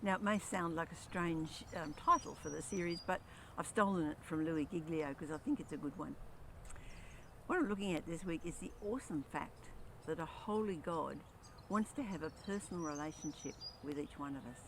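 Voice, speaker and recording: A man's voice: on the high side, normal speed, a bit bright. Earnest man preaching over background noise. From Australia. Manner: earnest, reads scripture aloud with rising emphasis. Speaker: lay preacher. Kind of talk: sermon. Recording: noisy background.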